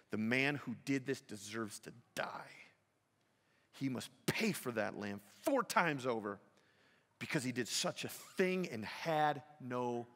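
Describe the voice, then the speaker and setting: A man preaching a sermon as pastor, telling a story with rising, emphatic delivery that swings high and loud at dramatic points. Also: in a large hall.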